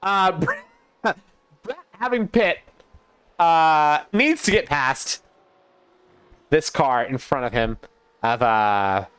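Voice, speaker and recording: A young man casting a sim racing league live, chatty and excitable, talking to his co-caster and to the chat. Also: a little high, slow pace, pauses often, clear, resonant tone. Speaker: race caster.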